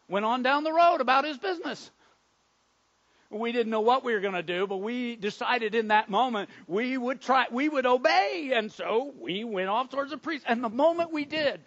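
A man playing a Samaritan leper in a first-person biblical monologue, earnest and dramatic, stammering over his words and swinging between hushed and loud. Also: extremely high pitch, highs cut off, heavily acted. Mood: excited.

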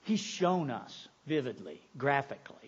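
A man preaching a sermon, going from quiet, slow reflection to loud, emphatic exclamation. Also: mid-range voice, sing-song, slightly rough, lo-fi sound. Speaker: pastor.

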